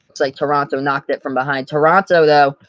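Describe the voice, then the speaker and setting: A man from the US Northeast giving live play-by-play commentary on his stream, calling the score briskly and talking to his chat. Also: a little high, steady tone, a bit bright, no echo, muffled recording.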